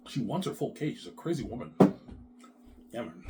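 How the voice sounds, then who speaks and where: A man in a rambling monologue, repeating himself, swearing and jumping between quiet mumbles and loud outbursts. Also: fairly low pitch, lively intonation, normal speed, pauses often, background noise. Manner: repetitive, restarts, keeps saying "man"; profane, agitated swings in loudness.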